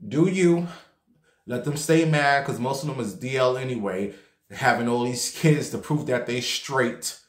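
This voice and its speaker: A man vlogging a casual story in a chatty, animated way, swearing freely and saying "like" a lot. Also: medium pitch, unhurried. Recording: roomy echo.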